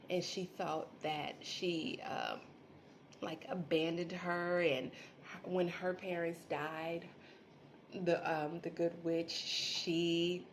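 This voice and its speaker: A woman with a fairly low voice hosts a casual solo podcast, rambling from one thought to the next and laughing as she goes. She talks straight to her listeners in a relaxed, chatty way. A faint hiss of background noise sits under the home recording. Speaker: podcast host.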